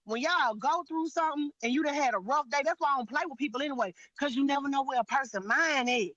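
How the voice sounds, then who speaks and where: Blunt, profane woman with a bright voice. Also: high-pitched, fast talker, dry recording, muffled recording. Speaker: guest on a live panel. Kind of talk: heated storytelling chat.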